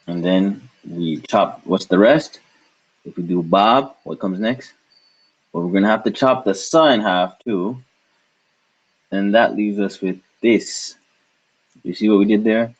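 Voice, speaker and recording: A man's voice: on the low side, expressive, a little slow, breathy edge. A man teaching a language lesson, patiently breaking words into syllables and repeating them. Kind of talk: slow step-by-step lesson. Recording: dull lo-fi recording.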